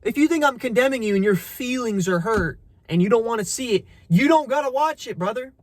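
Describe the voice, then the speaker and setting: A man's voice: very high-pitched, expressive, fairly quick, no room sound. A young man giving a blunt, profane motivational rant, preaching tough love and calling the listener bro. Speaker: motivational content creator.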